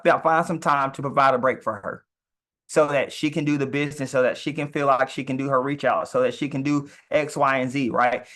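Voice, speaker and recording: A man talking casually about marriage and business, animated, stumbling on words and laughing often as he talks. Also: on the high side. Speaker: co-host.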